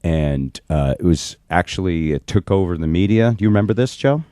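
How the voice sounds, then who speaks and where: A man's voice: low voice, animated, fairly quick, mellow, no room sound, clean studio sound. A man hosting a radio show in casual chat, prompting his guest and wrapping up with promos. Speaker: radio host.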